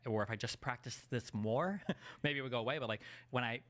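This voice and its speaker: A man's voice: mid-range voice, fairly quick, fairly bright tone. A man who streams, talking casually in a rambling way with lots of fillers. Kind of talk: casual conversation.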